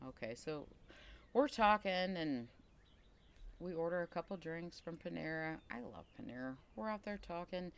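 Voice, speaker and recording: A woman co-hosting a casual podcast chat, telling a story with lively acted-out quotes and sound effects. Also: on the low side, moderate pace, clear, resonant tone. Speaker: podcast co-host.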